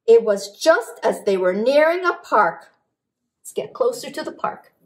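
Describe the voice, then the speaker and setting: With a fairly high voice and an unhurried pace, a woman runs a children's storytime as a librarian. She reads a picture book and rhymes sing-song style, animated, adding animal sounds and questions for the kids.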